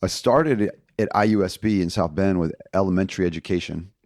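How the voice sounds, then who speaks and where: A middle-aged man from Indiana, a podcast guest telling stories from his past in a casual, animated way and acting out the people he quotes. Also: deep voice, fairly quick, no echo, studio quality. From Indiana, USA. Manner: animated storyteller, acts out quoted voices. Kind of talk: casual storytelling interview.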